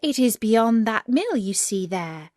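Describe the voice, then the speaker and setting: A woman voicing a sly, hungry male wolf in a storybook, drawing the words out slowly. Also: a little high, sing-song, a little mellow, dry recording, clean studio sound.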